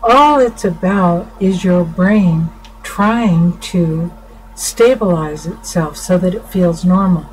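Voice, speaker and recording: A middle-aged woman counselor explaining to viewers in an informal talk, unhurried, restarting her sentences often. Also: fairly low pitch, a little mellow, low-quality recording. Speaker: family counselor. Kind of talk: informal teaching talk to camera. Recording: faint background noise.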